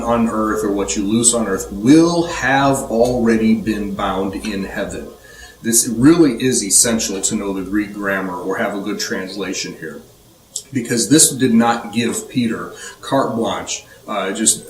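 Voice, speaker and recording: A man's voice: lowish voice, a little hiss or hum. A man giving a conversational Bible study lesson, listing points and retelling scenes with animation. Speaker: Bible teacher. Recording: roomy, distant mic, faint ambience.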